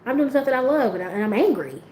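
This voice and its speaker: A woman's voice: high voice, animated, fast talker, a little mellow, roomy sound, slight background noise, rough recording. A woman hosting a livestream, speaking frankly and with plenty of swearing as she talks straight to her viewers in a candid, motivational way. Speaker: livestream host.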